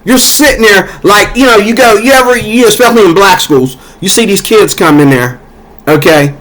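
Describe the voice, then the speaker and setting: Man, higher-pitched voice, fired-up rant straight to his audience, repeats lines for emphasis. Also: moderate pace, a bit bright, low-quality recording. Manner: heated, repetitive, talks to viewers directly. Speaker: commentator. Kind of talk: casual ranting commentary.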